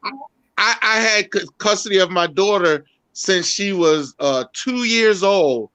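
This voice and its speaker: A man on a talk-show panel speaking in an earnest, halting way. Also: high-pitched, expressive, pushed and bright, clear, resonant tone, no room sound. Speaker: panel guest.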